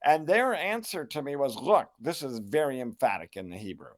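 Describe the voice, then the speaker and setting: An older man, a New Testament scholar, answering interview questions in a measured, reflective way with frequent restarts. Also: mid-range voice, animated. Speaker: New Testament scholar and Bible translator, guest.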